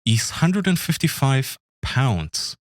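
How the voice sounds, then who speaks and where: A man co-hosting a podcast, chatting casually with deadpan remarks. His pitch rises and falls with lively movement. The sound is dry and close. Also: slow pace, no echo. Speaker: podcast co-host. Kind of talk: casual chat.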